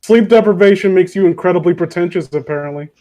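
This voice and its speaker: A young man chats casually in a high voice. He is animated and breaks into laughter often. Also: fast talker. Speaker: podcast co-host. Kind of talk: casual group chat.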